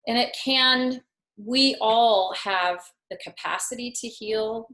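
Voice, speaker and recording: A woman's voice: fairly high pitch, slow, sharp tone. Earnest woman in her fifties, roomy sound. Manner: earnest, reflective, lightly self-mocking. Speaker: guest, yoga teacher. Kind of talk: personal storytelling in a talk show. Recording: roomy echo.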